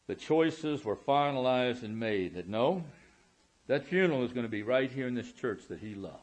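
A man preaching a sermon as pastor in a church, emphatic and drawing out key words, calling out for amens. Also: mid-range voice. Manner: emphatic, slow drawn-out words, calls out for amens. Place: church sanctuary.

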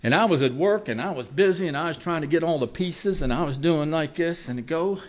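A man's voice: on the high side, a little fast. Folksy man preaching a sermon. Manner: folksy storytelling, swinging between loud and quiet.

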